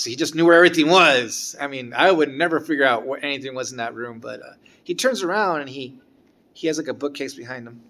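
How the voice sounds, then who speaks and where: A man telling a casual personal story about a former guitar teacher, halting and restarting as he goes. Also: medium pitch, sharp tone. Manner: rambling, halting, with frequent restarts.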